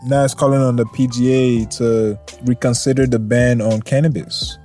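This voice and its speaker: Brief: easygoing male podcast host, loose rambling delivery, curses freely, mid-pitched voice. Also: fairly even intonation, moderate pace, warm tone, soft background music. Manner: laid-back and swearing, laughs often, rambles off topic. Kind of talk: casual news chat.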